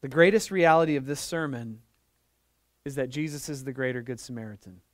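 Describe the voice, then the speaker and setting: A man's voice: medium pitch, brisk, no echo, studio quality. A middle-aged man preaching a sermon as pastor, telling a story and building to fervent emphasis. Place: church.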